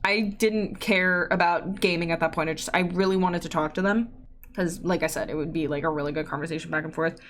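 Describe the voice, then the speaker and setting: A woman's voice: lowish voice, a bit bright. A young woman hosting a casual solo podcast, rambling and self-deprecating as she acts out bits of her own inner dialogue. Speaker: podcast host.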